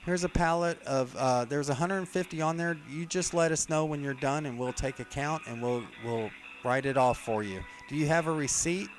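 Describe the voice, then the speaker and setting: A man's voice: on the high side, normal speed, hardly any pauses, soft background music, voice pushed up, lightly acted, low-quality recording. A man doing a brash female store clerk. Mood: breezy. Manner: brash, matter-of-fact. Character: blunt sassy female store coworker.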